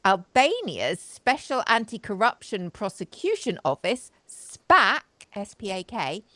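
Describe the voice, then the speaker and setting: Woman host, sarcastic live-stream commentary, dry close sound, mid pitch. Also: sing-song, unhurried, a bit bright, no room sound. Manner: sarcastic, chatty, talks to her live audience. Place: home studio, live video.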